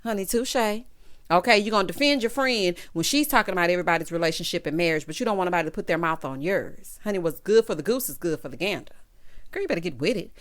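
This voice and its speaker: A woman's voice: lowish voice, animated, fast. A woman vlogger giving a sassy, opinionated recap of a reality show, sprinkling in "child" and "honey" and laughing at her own jokes. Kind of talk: casual opinionated commentary.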